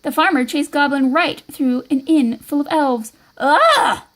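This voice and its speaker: Woman reader, high voice, lively read-aloud for kids. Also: moderate pace, poor audio. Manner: expressive, lively storytelling. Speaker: storybook reader.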